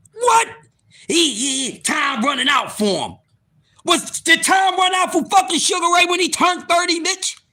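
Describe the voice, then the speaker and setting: A man in his fifties hosts a live stream and rants at his viewers, loud, profane and incredulous. His voice sits very high and sounds sharp and bright, and it swings widely in pitch. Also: expressive, normal speed. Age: 50s. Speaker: livestream host.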